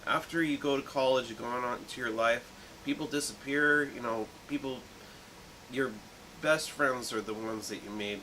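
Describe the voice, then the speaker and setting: A man in his late thirties co-hosting a movie review podcast, talking in a thoughtful, rambling way with many pauses. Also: mid-range voice, pushed and bright, a little hiss or hum, poor audio. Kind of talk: casual chat.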